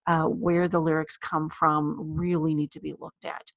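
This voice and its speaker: A woman co-hosting a conversational podcast, who talks casually, laughs easily and reads scripture aloud slowly. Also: deep voice, level tone, no room sound. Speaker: podcast co-host. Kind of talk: casual discussion and scripture reading.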